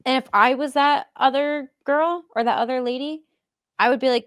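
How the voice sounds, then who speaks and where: Young woman podcast co-host, jokey and giggly, highish voice, dry close sound. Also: moderate pace, fairly bright tone, clear, resonant tone, no echo. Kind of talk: casual chat.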